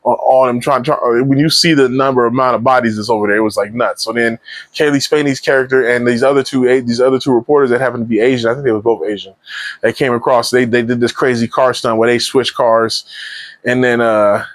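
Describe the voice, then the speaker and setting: A man giving a casual spoiler movie review, retelling scenes in a rambling, animated way full of slang and restarts. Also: mid-range voice, brisk, no room sound.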